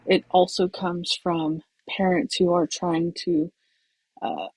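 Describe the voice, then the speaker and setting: Woman, basketball coach, husky, soft-spoken, casual talk, dry recording. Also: lowish voice, little pitch movement, slow, dry recording, rough recording. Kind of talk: casual conversation.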